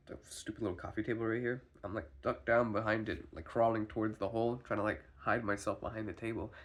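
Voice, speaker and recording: A sick man rambling anxiously in a personal video diary, stumbling and restarting often, swearing. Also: fairly low pitch. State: sick, foggy. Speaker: vlogger.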